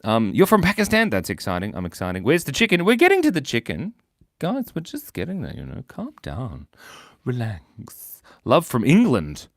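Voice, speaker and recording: Young guy streaming and drawing, super animated up-and-down voice, chatty and playful, dry close sound. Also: medium pitch, normal speed, no echo. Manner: playful, chatty, reads viewer comments aloud. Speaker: livestream host drawing for viewers. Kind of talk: casual live-stream chat.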